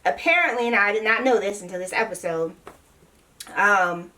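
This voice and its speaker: A woman's voice: mid-range voice, moderate pace, bright, forceful tone, recorded from a distance. A woman vlogger giving a blunt, sassy casual recap of a reality TV episode.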